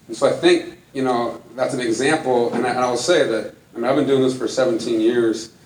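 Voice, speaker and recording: In an echoey hall with the mic placed far away, a middle-aged conservation speaker gives an earnest, folksy, story-driven talk to an audience in a large room, laughing between points. His mid-range voice holds a steady tone at a slightly fast pace, a bit mellow, with a faint hiss or hum.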